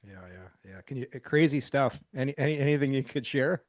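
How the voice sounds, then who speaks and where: Brief: male co-host, mid-pitch, easygoing and prodding, dry close sound. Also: lively intonation, a little fast, no echo. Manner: easygoing, laughs along, prodding. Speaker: podcast co-host. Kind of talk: casual interview chat.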